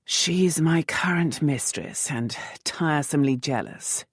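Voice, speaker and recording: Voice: mid-range voice, a little slow, breathy edge, no room sound, clean studio sound. A narrator voicing a commanding, sardonic aristocratic rake who speaks in a lightly mocking drawl.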